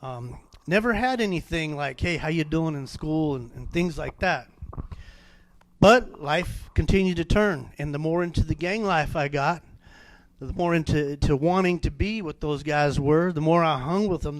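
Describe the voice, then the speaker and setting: A man giving an animated personal testimony at a church men's meeting, with many fillers and restarts. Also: fairly high pitch. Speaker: testimony speaker.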